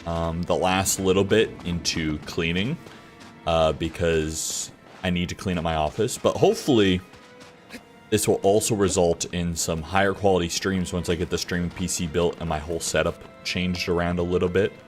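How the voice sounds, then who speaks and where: A man's voice: sits low, steady tone, normal speed, faint music behind. A man streaming a video game from his home office, chatting casually with many fillers and the odd swear. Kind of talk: casual live-stream chat while gaming.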